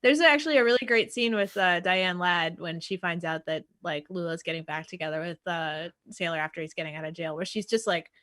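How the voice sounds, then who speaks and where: A woman's voice: on the low side, brisk, few pauses, fairly bright tone, dry recording. A woman co-hosting a casual film podcast, recapping the plot with frequent fillers. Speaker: podcast co-host. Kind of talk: casual film discussion chat.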